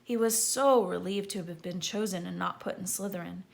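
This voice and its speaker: This woman's voice is on the low side and creaky, moving at a normal speed. Reading a children's story as an audiobook narrator, she stays lively and shouts out the characters' names with real gusto.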